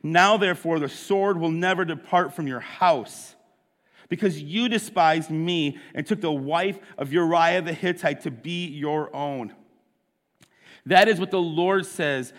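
A man's voice: high voice, fairly bright tone, in a large hall. A man preaching a sermon, retelling a story casually with asides to his listeners. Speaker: pastor.

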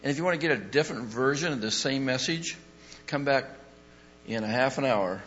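A pastor giving announcements and a closing prayer, halting with frequent pauses and restarts. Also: male voice, mid-range voice, fairly bright tone, a little hiss or hum. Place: church sanctuary. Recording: dull lo-fi recording in a reverberant church.

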